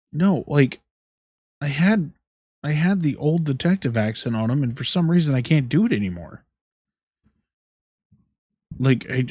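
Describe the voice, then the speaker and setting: A man's voice: medium pitch, a little mellow, slight background noise. A man streaming a game and voicing its characters, who rambles and mocks himself while reading the lines.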